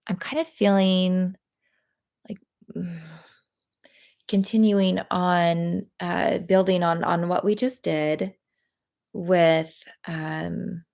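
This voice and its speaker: A woman leading a live guided tapping session, talking in a gentle, encouraging way with many pauses and fillers. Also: on the low side, fairly even intonation, vocal fry. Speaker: EFT tapping practitioner.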